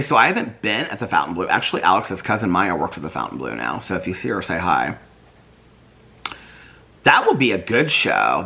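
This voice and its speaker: Male vlogger, deep soothing voice with a lively pitch, chatty and rambling. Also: gravelly. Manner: chatty, rambling, thinks aloud while searching online. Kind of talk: casual chat reading viewer comments.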